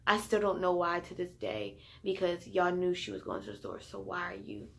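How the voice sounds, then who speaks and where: A woman telling a personal story in a casual vlog, chatty and full of fillers, turning loud and heated at the tense parts. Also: fairly low pitch, big pitch swings, moderate pace, gravelly, slight background noise. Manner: grows loud and heated when retelling the fight. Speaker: vlogger.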